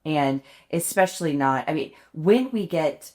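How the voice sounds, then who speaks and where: Chatty low-voiced woman, laughing often. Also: expressive, a little slow, darkish tone. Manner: chatty, laughs often, self-deprecating storytelling. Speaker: podcast co-host. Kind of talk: casual chat.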